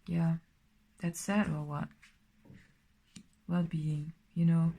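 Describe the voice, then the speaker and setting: A woman with a somewhat low voice gives a casual tarot reading. She rambles, fills pauses with "you know" and "uh", and now and then drops to a soft whisper. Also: little pitch movement, vocal fry. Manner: rambling, many fillers, slips into soft whispers. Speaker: tarot reader.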